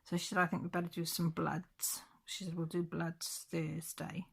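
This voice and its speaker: Gravelly-voiced woman telling a chatty story. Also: fairly low pitch, little pitch movement, normal speed. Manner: chatty storytelling with many restarts and quoted dialogue. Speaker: crafting vlogger. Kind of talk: casual chat.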